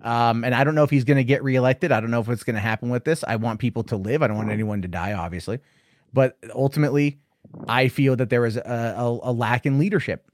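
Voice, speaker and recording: A man's voice: medium pitch, fast, a little hiss or hum. An American man in his thirties, hosting a casual debate chat and rambling with many hesitant restarts. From United States. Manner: rambling, hesitant, self-correcting.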